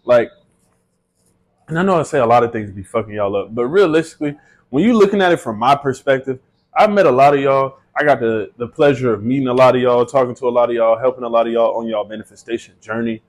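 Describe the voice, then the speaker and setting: A man's voice: medium pitch, quick pace. A man vlogging a casual monologue about manifestation on a small personal mic, joking and swearing freely. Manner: profane, joking, conversational.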